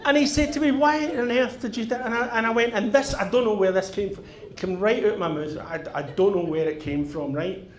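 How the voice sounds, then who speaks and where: A man's voice: high-pitched, brisk, slight background noise. A middle-aged man with a Northern Irish accent doing stand-up, telling a long story and tagging his lines with "right?". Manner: animated, swearing, tags lines with "right?". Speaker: stand-up comedian. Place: theatre stage. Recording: echoey live venue with audience.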